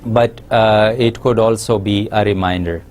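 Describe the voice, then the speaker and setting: A man giving a recorded university lesson, explaining slowly with many pauses and fillers. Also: on the low side, fairly even intonation, darkish tone. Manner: slow, explanatory, frequent uh fillers. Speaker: English lecturer.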